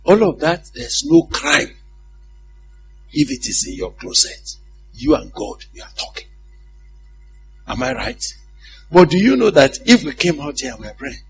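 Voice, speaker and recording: A man's voice: on the high side, huge pitch swings, moderate pace, creaky, pauses often, faint music behind. A male preacher giving a conversational sermon, often putting questions to his congregation and laughing at his own stories.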